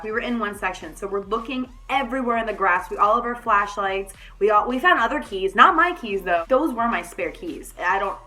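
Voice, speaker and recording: A young adult woman telling a story in a casual vlog, animated and swearing freely. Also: mid-range voice. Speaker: vlogger.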